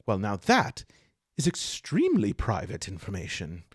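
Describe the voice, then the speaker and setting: A man's voice: fairly low pitch, huge pitch swings, husky, no room sound, clean studio sound, full character voice. A man voicing a prim, touchy young woman elf who lectures and guards her privacy. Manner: fussy, lecturing, quick to take offense.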